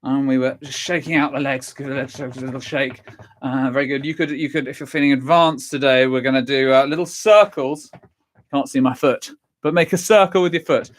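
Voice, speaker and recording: A cheerful man leading a vocal warm-up lesson, counting through the exercises and encouraging the listener, a little stuffy from a cold. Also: medium pitch, steady tone, brisk. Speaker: singing and vocal warm-up teacher.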